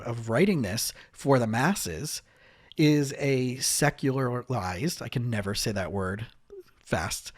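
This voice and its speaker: A man's voice: mid-range voice, slightly rough, dry recording. Chatty male podcast host, dry sound. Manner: chatty, lots of fillers and restarts. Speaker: podcast host, marriage and family therapist. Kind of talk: casual podcast chat.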